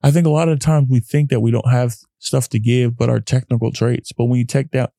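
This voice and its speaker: Host type: tired earnest man, gravelly, dry close sound, motivational solo talk. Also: mid-range voice, steady tone, a little fast, dark tone, no room sound. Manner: earnest, preachy, self-talking. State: lying down, tired. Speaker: podcast host. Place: home, lying on carpet.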